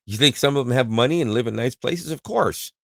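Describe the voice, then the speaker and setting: A Canadian man co-hosting a podcast, chatting casually and joking with quick asides. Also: medium pitch, expressive, creaky, fairly bright tone, no echo, studio quality. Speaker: podcast co-host. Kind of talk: casual chat.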